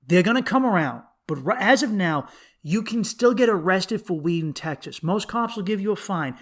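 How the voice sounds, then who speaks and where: A young man hosting a podcast, telling comedy road stories in a casual, profane, animated way. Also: moderate pace. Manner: animated, profane, jumps to high excited pitch when riled. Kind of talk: casual solo podcast storytelling.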